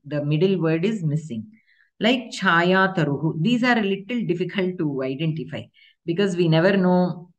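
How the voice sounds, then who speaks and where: Woman, teacher, lowish voice, patient step-by-step explanations, online class. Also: a little mellow, muffled recording. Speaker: Sanskrit grammar teacher.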